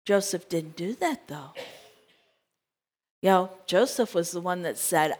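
A woman's voice: fairly low pitch, expressive, takes it slowly, long pauses, a little mellow. A woman preaching a sermon, telling a scripture story with drama and asking the congregation direct questions.

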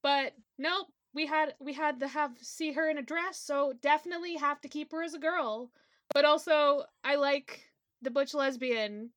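A woman's voice: high-pitched, normal speed, fairly bright tone, no echo, clean studio sound. A woman co-hosting a casual podcast, chatting enthusiastically and gushing about characters she loves, with the odd swear word. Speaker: podcast co-host. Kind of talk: casual fan chat about an anime.

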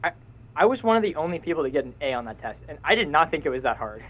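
A man's voice: a little high, sing-song, rapid-fire, highs cut off. A young man co-hosting a casual podcast, rambling and cutting himself off, laughing often. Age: young adult. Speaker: podcast co-host. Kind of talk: casual chat.

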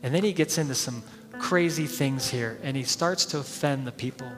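A man's voice: medium pitch, normal speed, long reverb tail, over music. A man preaching a sermon as head pastor, telling the story with energy, acting out the crowd's voices and often chuckling.

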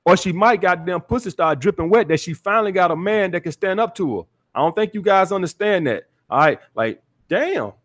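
A man's voice: high-pitched, lively intonation, fairly quick. Blunt, profane man ranting dating advice. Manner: blunt, profane, preachy, repeats "all right". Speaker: podcast host, dating coach. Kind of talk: call-in podcast advice rant.

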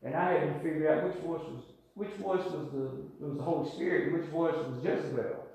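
An older preacher with a high, bright voice delivers a folksy sermon, repeating phrases and asking for amens. He sounds far from the mic, and the church rings with a heavy echo. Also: a little fast, creaky.

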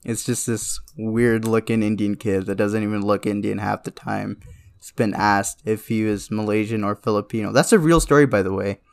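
This podcast co-host is a young man who immigrated to Canada young. In a loose late-night chat, he speaks at a moderate pace in a lowish, gravelly voice with a steady tone, wandering off topic, cursing freely and laughing a lot.

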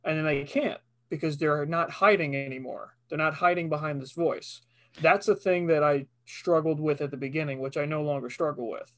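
A man's voice: on the high side, fairly even intonation, normal speed. A man who is a voice actor, a guest in a casual podcast chat, talking earnestly from experience.

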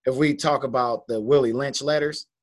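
A man's voice: mid-range voice, steady tone, normal speed. A man in a casual group discussion, speaking earnestly and restarting phrases as he builds his points. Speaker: panel guest and writer.

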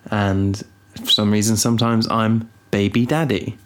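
A man's voice: on the low side, unhurried, smooth. Rambling, teasing guy. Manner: rambling, teasing, deadpan asides. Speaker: podcast co-host. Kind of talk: casual chat.

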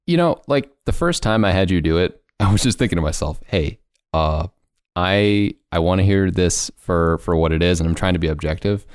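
A man in his twenties hosts a podcast in loose, jokey conversation, quick to laugh at himself. His voice sits very low but swings up and down with lots of expression. The recording is close and dry. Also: smooth, no echo. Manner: animated, joking and laughing. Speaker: podcast host. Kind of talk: casual chat.

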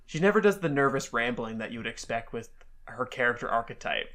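A woman's voice: extremely low pitch, lively intonation, brisk, a bit bright. A woman co-hosting a podcast, chatting casually and animatedly, laughing often. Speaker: podcast co-host. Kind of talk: casual chat.

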